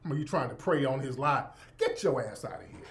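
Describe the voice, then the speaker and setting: A middle-aged man hosting his own radio show, telling a profane, animated story in a casual monologue and breaking into laughter. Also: mid-range voice, fairly quick, slight background noise.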